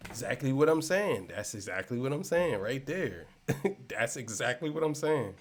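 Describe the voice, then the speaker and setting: A man giving a casual commentary rant, repeating himself and swinging between loud and soft. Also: mid-range voice, animated, moderate pace. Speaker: commentary channel host.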